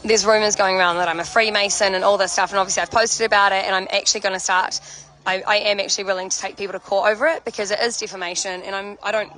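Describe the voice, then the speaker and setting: A woman's voice: mid-range voice, steady tone, rapid-fire, pushed and bright, rough recording. A woman live-streaming casual chat to her viewers from an outdoor protest camp, speaking from a handheld phone. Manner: chatty, talks straight to viewers. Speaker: livestreamer. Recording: outdoor crowd and music behind.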